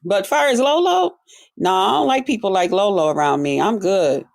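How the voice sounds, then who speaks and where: A woman chatting casually on a livestream, reading viewer comments and answering them in an animated, sassy way, jumping between high exclamations and low muttered asides. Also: moderate pace, gravelly.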